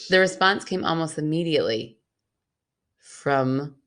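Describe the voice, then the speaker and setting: A woman's voice: deep voice, lively intonation, unhurried, fairly bright tone. A woman co-hosting a podcast, reading a listener's ghost story aloud and teasing her sister. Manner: playful, teasing. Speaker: podcast co-host.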